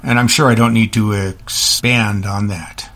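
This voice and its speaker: A man hosting a political commentary show, ranting scornfully in quick bursts with frequent restarts. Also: fairly low pitch, fairly even intonation, loud music behind the voice. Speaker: host.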